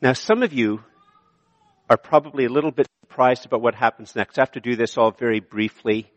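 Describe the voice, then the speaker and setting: A Canadian man preaching a sermon, moving between emphatic high points and quiet, slow passages. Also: muffled recording. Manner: animated preaching, shifting from emphatic to hushed. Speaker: pastor. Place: church sanctuary. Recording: long reverb of a large hall.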